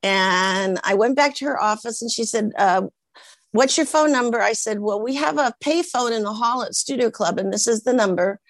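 A woman's voice: on the high side, moderate pace, no room sound. A woman being interviewed, telling anecdotes and acting out the voices of the people in them. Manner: animated, acts out the voices of people in her stories. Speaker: interviewee, actress.

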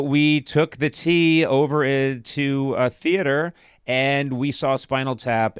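A man's voice: medium pitch, clear, resonant tone, dry recording. A man in his sixties hosting a live comedy podcast, joking, riffing and poking fun at himself. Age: 60s. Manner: joking, self-mocking and riffing. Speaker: podcast host. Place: live show on a stage.

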